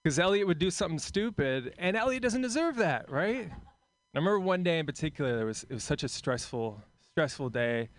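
A man's voice: a little high, sing-song, a little fast. A man performing stand-up comedy on a club stage, chatting with the crowd and acting out characters. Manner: crowd work, acts out kids in voices. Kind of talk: stand-up set.

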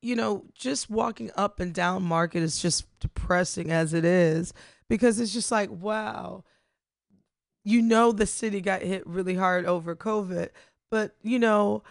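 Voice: medium pitch, a little slow, vocal fry, dry recording. Casual rambling podcast co-host, dry sound. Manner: rambling, frequent fillers and restarts. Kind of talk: casual chat.

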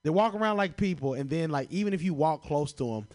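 A man's voice: a little high, animated, quick pace, a little mellow. A young man from Chicago doing stand-up comedy, swearing often and laughing at his own jokes. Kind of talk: stand-up comedy answering prompts.

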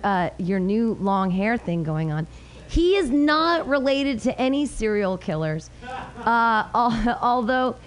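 A woman hosting an open mic on a small club stage, rambling and crudely teasing between acts as she introduces comedians. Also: a little high.

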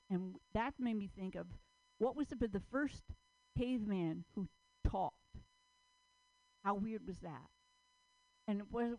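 A woman's voice: mid-range voice, mellow, no echo, poor audio. A woman doing stand-up at an open mic, musing aloud in a rambling way. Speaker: stand-up comedian and emcee.

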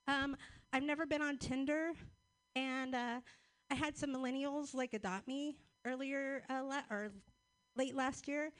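A woman's voice: high voice, steady tone, measured pace, a bit bright. A woman comic telling crude, laid-back stories from her set. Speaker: stand-up comic. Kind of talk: stand-up set, then feedback chat.

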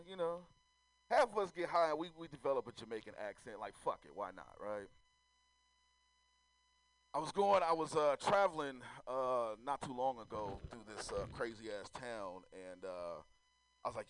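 A man's voice: mid-range voice, big pitch swings, unhurried, fairly bright tone, low-quality recording. A man doing a loose, profane stand-up comedy set, often laughing at his own jokes.

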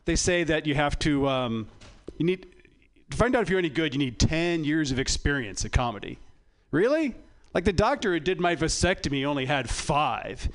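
Wry stand-up comic, slightly high. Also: male voice, very animated, normal speed. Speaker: stand-up comedian. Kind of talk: stand-up set.

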